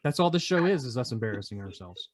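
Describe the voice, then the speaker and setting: Animated man hosting a quiz. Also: mid-range voice, fast talker. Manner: playful quizmaster, teasing. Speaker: podcast host running a quiz. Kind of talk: casual chat.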